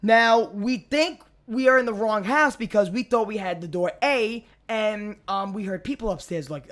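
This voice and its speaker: Young male podcast host, Brooklyn accent, high-pitched, animated and profane. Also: moderate pace, hardly any pauses. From Brooklyn, New York. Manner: animated storytelling, profane, acts out quoted voices. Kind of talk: casual chat.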